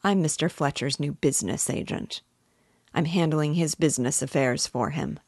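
Lady doing a creepy soft-talking gunman, low and gravelly, dry close sound. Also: dry recording. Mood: menacing. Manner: soft, quick and sharp. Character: cold, menacing male hired gunman.

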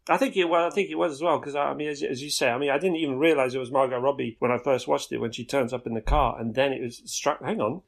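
A man's voice: mid-range voice, fairly even intonation, fast, creaky, few pauses. A man co-hosting a podcast, chatting casually about films and rambling with many restarts. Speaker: podcast co-host. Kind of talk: casual film chat.

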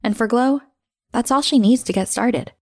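A woman hosting a show, reading a scripted story in a measured, expressive way that slows down for emphasis. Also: on the high side, no room sound, studio quality. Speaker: podcast host and narrator.

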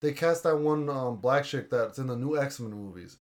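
A man's voice: medium pitch, normal speed. A young man hosting a casual podcast, reviewing a movie in a blunt, argumentative way and swearing casually. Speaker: podcast host.

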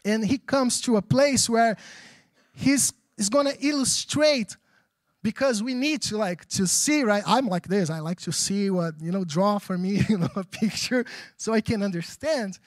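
A man with a notably high voice preaches a sermon in English, which he learned as a second language. His pastoral delivery is animated and chatty, and he keeps asking the room if they follow him. The sound is close and dry. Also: measured pace, no echo. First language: not English. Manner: animated, conversational preaching with frequent audience check-ins.

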